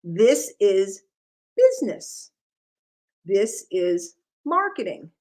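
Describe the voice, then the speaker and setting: A middle-aged woman from New York City giving an animated business talk to her sales group, full of rhetorical questions. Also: mid-range voice, drawn-out words.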